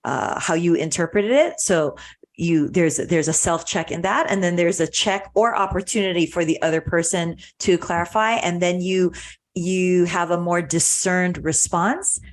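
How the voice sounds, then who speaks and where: A woman hosting a podcast, calmly explaining ideas in a reflective conversation. She often restarts and repeats words as she thinks aloud. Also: fairly low pitch, moderate pace. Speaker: podcast host.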